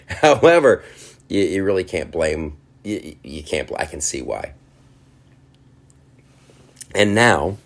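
Deep-voiced man ranting on a podcast. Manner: sarcastic, mocking impressions of others; blunt and profane, with frequent restarts. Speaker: podcast host. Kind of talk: opinionated podcast monologue.

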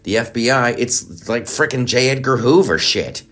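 A man's voice: mid-range voice, expressive, moderate pace, a bit bright. A man delivering a heated, profane, sarcastic political rant, rambling with many restarts. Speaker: political commentator. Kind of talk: ranting monologue.

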